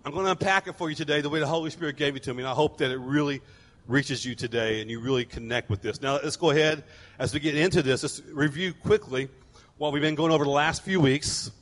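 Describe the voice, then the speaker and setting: A pastor preaching a sermon, telling stories animatedly and acting out people's voices. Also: male voice, on the high side, quick pace, fairly bright tone, big-room sound.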